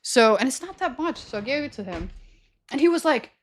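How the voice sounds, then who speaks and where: A young adult woman streamer with a high, animated voice chats a bit quickly while spinning casual stories for her viewers. She's rambling and slangy, often backing up to correct herself in the middle of a sentence.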